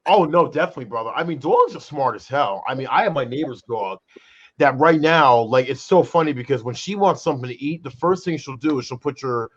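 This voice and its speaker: A man co-hosting a casual chat show, animated and rambling, leaning on fillers like "though" and "brother". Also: medium pitch, a little fast. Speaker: co-host. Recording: dull lo-fi sound.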